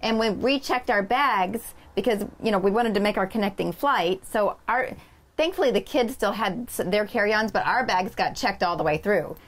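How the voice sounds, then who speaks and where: A woman's voice: medium pitch, normal speed. A woman co-hosting a podcast, ruefully adding details to a shared story about a miserable trip. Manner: rueful, adds details to her partner's story. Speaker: podcast co-host. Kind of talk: casual conversation.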